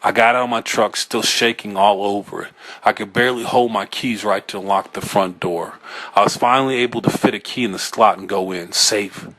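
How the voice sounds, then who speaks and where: A man reading a first-person horror story aloud, in a tense, halting way with small self-corrections. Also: fairly low pitch, steady tone, a bit bright. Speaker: audiobook reader.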